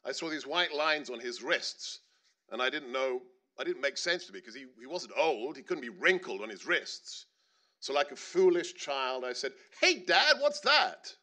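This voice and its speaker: Bright-voiced middle-aged man giving an earnest speech. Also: medium pitch, expressive, moderate pace. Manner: earnest storytelling with emphatic rises. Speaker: panelist speaker. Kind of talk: personal speech at a panel. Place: stage at a panel event.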